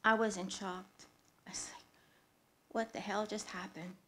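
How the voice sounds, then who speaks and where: A woman telling a true personal story live on a theatre stage, earnest, with pauses and sudden loud swells. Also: mid-range voice, steady tone, slight background noise.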